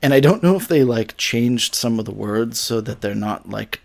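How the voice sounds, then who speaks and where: A man's voice: medium pitch, animated, normal speed, gravelly. A man hosting a podcast, chatting casually and enthusiastically about a folk album and thinking aloud as he goes. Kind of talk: casual music discussion.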